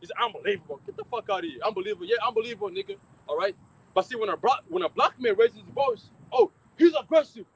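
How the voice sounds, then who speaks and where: A man with a strikingly high voice preaching in a fiery, confrontational way. He talks loudly and with heavy emphasis, swears freely and mocks anyone who objects. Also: wildly swooping pitch, racing, gravelly, slight background noise, rough recording. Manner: loud, profane, emphatic, mocking critics. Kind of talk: fiery street-style preaching.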